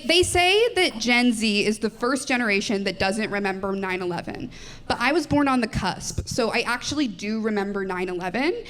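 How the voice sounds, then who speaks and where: A young woman comedian in her twenties works a club crowd into a handheld mic, and her voice sits high and bright. She rattles through her material in a self-deprecating way, breaking into little laughs and tossing questions to the audience. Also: slight background noise. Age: 20s. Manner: quick, self-deprecating, giggly delivery with audience crowd work. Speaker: stand-up comedian. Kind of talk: live stand-up set.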